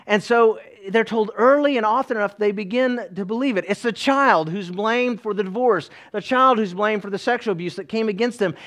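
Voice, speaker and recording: A man's voice: sits high, a little fast, hardly any pauses, a bit bright. A middle-aged man from East Tennessee, preaching a sermon in a folksy way with joking asides to the congregation. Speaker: pastor.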